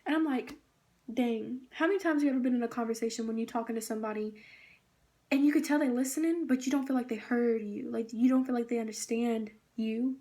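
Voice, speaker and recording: A woman's voice: a little high, fast, mellow. A young woman giving a casual presentation on a book, reading quotes aloud and gushing with many fillers. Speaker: student presenter.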